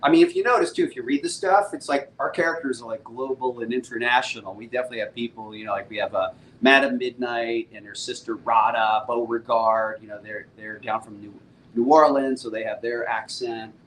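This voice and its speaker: A middle-aged man, a comic book publisher, chatting casually and excitedly with viewers on a live stream, using laid-back slang. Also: medium pitch, fairly quick, a little hiss or hum, poor audio.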